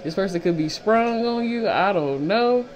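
A woman's voice: medium pitch, expressive, normal speed, a little mellow. A woman giving a casual tarot reading who talks bluntly, swears freely and repeats phrases for emphasis. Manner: blunt, profane and fired up. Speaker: tarot reader.

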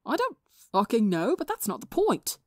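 A woman's voice: low voice, a little fast, no room sound, clean studio sound, close to an everyday voice. A woman voicing a hot-tempered, tired young man who talks in a snappish, profane way. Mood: angry.

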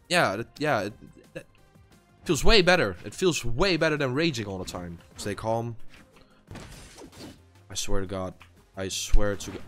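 A man's voice: lowish voice, a bit bright. Tired young man raging over a game. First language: not English. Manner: raging, swearing, muttering to himself. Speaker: gaming YouTuber. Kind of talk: live gameplay commentary.

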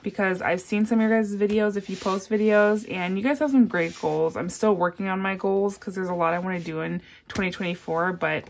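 Soft-spoken woman counting cash aloud. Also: fairly even intonation, fairly quick, vocal fry, few pauses. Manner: counts bills aloud in a soft, low murmur; chatty and upbeat between counts. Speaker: budgeting vlogger. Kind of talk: casual cash-stuffing vlog.

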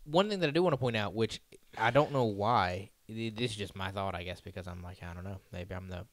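Casting: lower-voiced male co-host, dry close mic, chatty and digressive. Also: a little fast, no echo. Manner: laughs often, rambling asides. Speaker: podcast co-host. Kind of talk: casual chat.

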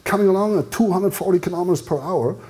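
A man's voice: high voice, quick pace, mellow, slightly rough. An older man from Germany with a German accent, giving a design lecture in a rambling, storytelling way full of fillers and restarts. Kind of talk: anecdotal lecture talk.

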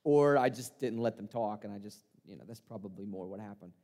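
A man's voice: on the low side, fairly quick, a little mellow, natural voice. A man performing a first-person monologue as the disciple Peter, an impulsive, earnest fisherman, telling his story in a conversational, self-deprecating way in a church sanctuary. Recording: long reverb of a church hall.

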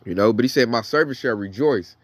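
With a medium-pitched voice and a brisk delivery, a man teaches the Bible in a laid-back, slangy preaching style, stopping between comments to read verses aloud. There's no echo.

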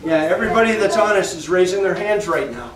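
A man teaching a children's Sunday school class, telling a Bible story slowly and with animation and asking the children questions. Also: sits high, animated. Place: church classroom. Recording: echoey room, distant mic, faint noise.

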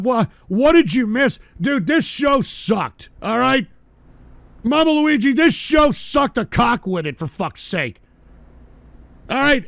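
A man hosting a livestream, ranting bitterly and profanely, with wild swings between shouted outbursts and tired, low muttering. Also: vocal fry, dry recording. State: drinking, weary. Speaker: livestream host. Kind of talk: angry livestream rant.

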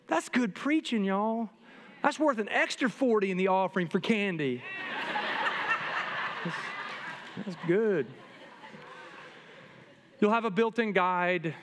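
A middle-aged man, a pastor, preaching a sermon to his congregation in a lively, humorous way that speaks straight to the people. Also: high-pitched. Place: church sanctuary. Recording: long reverb from a church hall.

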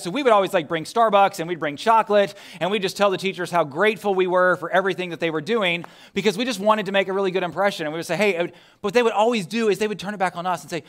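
Fairly high-voiced male pastor preaching. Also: quick pace. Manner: conversational, swings between loud emphasis and hushed near-whisper; asks the congregation many rhetorical questions. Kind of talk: sermon. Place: church sanctuary.

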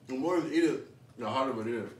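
A man eating spicy noodles on camera, teary and runny-nosed, calmly giving tips between coughs. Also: mid-range voice, fast, reverberant, distant mic, a little hiss or hum. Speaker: YouTube vlogger. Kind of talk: casual challenge vlog chat.

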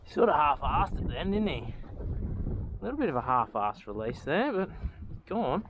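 A man giving chatty, excitable commentary as he fishes from a small boat, talking to the fish and to his viewers. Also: on the high side, moderate pace. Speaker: fishing vlogger. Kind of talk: casual commentary while fishing. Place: outdoors on a small boat on the water. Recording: outdoor boat and water noise.

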